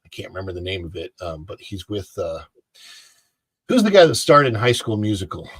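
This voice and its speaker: A man's voice: low-pitched, very animated, a little fast, breathy edge, no room sound. A man co-hosting a casual chat show, talking in a rambling, opinionated way with lots of restarts. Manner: rambling, many fillers and restarts. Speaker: co-host.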